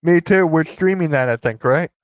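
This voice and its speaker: A man's voice: on the high side, normal speed, no echo. A young man co-hosting a wrestling watch-along stream, chatting casually and joking. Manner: joking, laughs at his own ideas. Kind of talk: casual chat. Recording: dull, dry sound.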